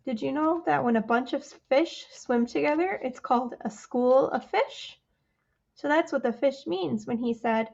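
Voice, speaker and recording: Animated woman reading a storytime book. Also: high voice, unhurried, creaky, highs cut off. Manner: animated, chatty, asks children questions. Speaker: children's librarian. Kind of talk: storytime read-aloud for children.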